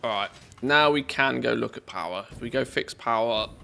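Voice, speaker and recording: A male game streamer talks casually to his viewers while playing, thinking aloud as he works things out. His mid-range voice has a gravelly, fry-tinged texture. A faint hiss sits underneath. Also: medium pitch, moderate pace, bright, forceful tone.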